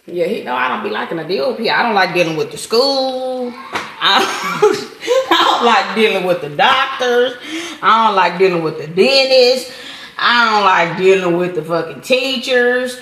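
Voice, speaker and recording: A woman hosting a casual podcast from her home kitchen, talking loudly in slang and laughing often. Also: a little high, lively intonation, moderate pace, reverberant, a little hiss or hum. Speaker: podcast host. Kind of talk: casual podcast chat while cooking.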